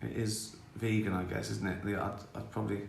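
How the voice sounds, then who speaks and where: Answering viewer questions on a live stream, a man in his 60s rambles casually, chuckles and pokes fun at himself. His lowish voice is flat, a little fast, with vocal fry. There's roomy echo and a little hiss or hum.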